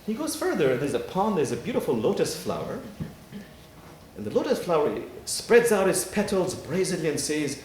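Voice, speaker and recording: A man, an imam, giving a sermon in a worship hall and telling parables with dramatic pauses. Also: high-pitched, slight background noise. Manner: animated storytelling with dramatic pauses. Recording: echoey hall, faint ambience.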